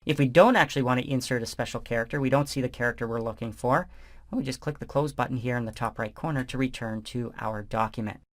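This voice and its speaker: A man walks through a software screencast, talking the listener through each click in a relaxed, conversational tone. His voice sits at an ordinary middle pitch for a man. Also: fast talker. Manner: relaxed, conversational step-by-step explaining. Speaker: software instructor. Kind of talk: screencast tutorial narration.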